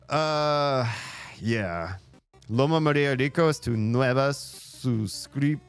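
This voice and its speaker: A man's voice: mid-range voice, clean tone, no echo. A man chatting casually while streaming a game, telling rambling stories. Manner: rambling storytelling with fillers.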